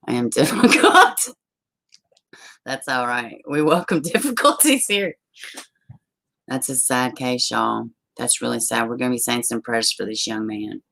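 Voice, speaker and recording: A woman hosting a casual live stream, reading news stories and viewer comments aloud, chatty and quick to laugh. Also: extremely low pitch, gravelly, fairly bright tone. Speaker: livestream host.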